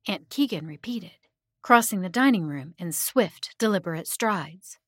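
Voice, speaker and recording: A woman narrating a horror story in a hushed voice that sinks to whispers at tense moments. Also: lowish voice, lively intonation, unhurried, no room sound, studio quality.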